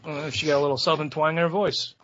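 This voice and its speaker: A man's voice: on the high side, fairly even intonation, quick pace, fairly bright tone, highs cut off. A man hosting a podcast in crude casual chat, profane, teasing and rambling. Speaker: podcast host.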